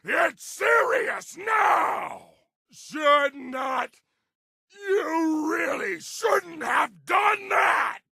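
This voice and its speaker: A roaring, cackling brute of a monster from a video game, spitting crude threats in a high, gravelly voice. He drags his words out slowly and hammers each one home, bloodthirsty and delighted with his own rage. The voice sits dry and close. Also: pushed and bright, no room sound, shouting, heavily acted. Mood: raging taunts. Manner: bellowing short brutish threats, cackling. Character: hulking brutish monster, gleefully murderous. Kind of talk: game character voice lines.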